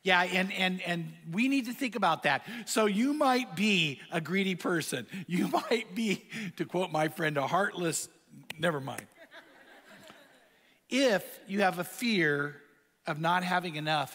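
A man's voice: high-pitched, animated, unhurried, a bit bright, long reverb tail. A man preaching a sermon, telling stories and asking the crowd rhetorical questions. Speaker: pastor.

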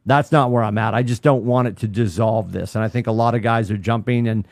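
A man's voice: on the low side, a little fast, no echo, clean studio sound. Rambling middle-aged man chatting. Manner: rambling, animated, lots of restarts. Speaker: podcast co-host. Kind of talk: casual chat.

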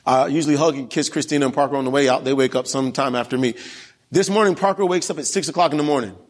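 A man's voice: mid-range voice, very fast, in a large hall. A young man preaching a sermon, telling a family story and asking the congregation questions. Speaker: pastor. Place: church.

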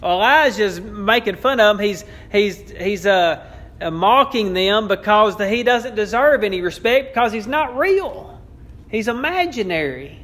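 A man's voice: high voice, lively intonation, measured pace, a bit bright. A man preaching a sermon, with an emphatic, repetitive cadence and a touch of wry amusement. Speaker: pastor.

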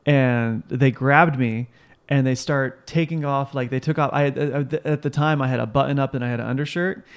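A young man co-hosting a casual chat, telling stories in an animated way and acting out other people's voices. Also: mid-range voice, brisk, clear, resonant tone. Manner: animated storyteller, acts out voices. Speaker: podcast co-host.

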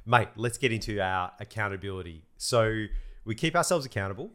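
A man's voice: fairly low pitch, animated, a little fast, a bit bright. Teasing man in his thirties. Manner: teasing, laughing, says "mate" a lot. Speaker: podcast co-host. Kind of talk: casual chat.

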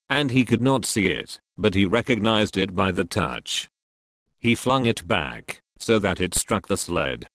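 Male audiobook narrator, low voice, lively intonation, drawls the dialogue; dry close recording. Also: no echo.

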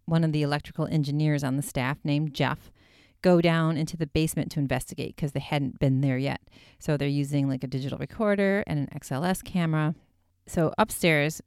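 A woman with a low, smooth voice chats through a ghost-hunting story, peppering it with "like" and acting out the lines. The sound is dry and close, with no room around it. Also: a little mellow, dry recording. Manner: chatty, many "like" fillers, acts out quotes. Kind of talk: casual retelling of a ghost-hunting episode.

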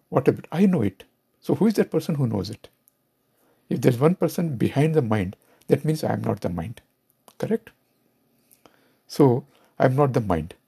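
A man's voice: mid-range voice, gravelly, warm tone, breathy edge. A man with an Indian English accent giving a reflective spiritual talk, asking rhetorical questions as he goes. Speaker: spiritual teacher.

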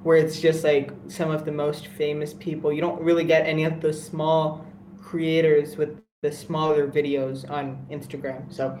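A young man co-hosting a casual podcast chat, excitable and laughing a lot, often swearing. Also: on the high side, normal speed, a little hiss or hum. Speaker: podcast co-host. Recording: echoey room with faint ambience.

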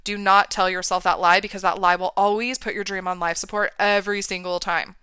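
A woman's voice: mid-range voice, fairly even intonation, a little fast, bright, forceful tone, clean tone, no echo, clean studio sound. A woman coach giving an emphatic motivational talk, often checking in with "right?" and "okay". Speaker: mindset and business coach for women.

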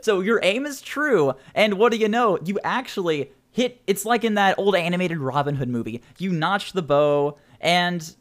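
A man narrating a tabletop role-playing game as game master, animated and quick to laugh. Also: high voice.

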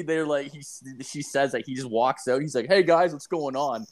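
A young man telling a rambling, profane story in casual chat, full of fillers and animated asides. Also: medium pitch, a little fast, few pauses.

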